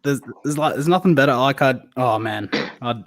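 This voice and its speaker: A man's voice: mid-range voice, moderate pace, no room sound. A man co-hosting a casual podcast, laid-back and often laughing, with stop-start phrasing. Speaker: podcast co-host.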